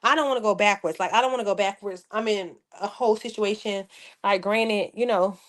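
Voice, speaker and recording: A woman's voice: medium pitch, brisk. A young adult woman chatting casually to her viewers as a vlogger, sarcastic and talkative, calling them y'all.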